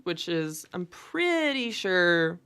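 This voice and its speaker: A woman's voice: fairly low pitch, sing-song, slow, a bit bright, clear, resonant tone. A young adult woman co-hosting a casual chat, talking in a chatty way with lots of fillers. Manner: chatty, filler-heavy, laughs easily. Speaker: podcast co-host.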